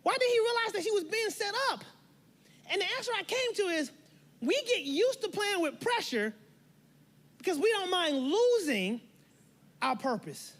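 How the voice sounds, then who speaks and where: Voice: extremely high pitch, very animated, moderate pace, long pauses, a bit bright. A pastor giving a sermon in a church, emphatic and playful, with a lot of repetition.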